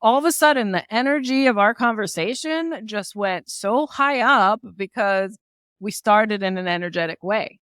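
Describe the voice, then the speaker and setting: Upbeat, energetic woman guest. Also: medium pitch, normal speed, clean tone, no echo, studio quality. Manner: upbeat, energetic, talks with her hands in her voice, lots of "like" and "right?". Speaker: guest entrepreneur. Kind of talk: casual podcast interview.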